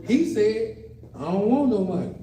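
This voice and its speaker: Older comedian on stage, a lively high voice. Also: male voice, normal speed, a little hiss or hum. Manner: storytelling, acts out voices of kids and himself. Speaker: stand-up comedian. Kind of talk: stand-up comedy set. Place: adult day center, indoors, live audience. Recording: roomy live room, mic at a distance, crowd laughter.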